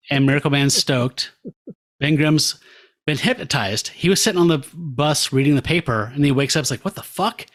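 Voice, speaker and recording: A man's voice: on the high side, moderate pace, long pauses, fairly bright tone. A man co-hosting a podcast, casually retelling a comic story and acting out its characters' lines with laughs. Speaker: podcast co-host. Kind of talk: casual comic recap chat.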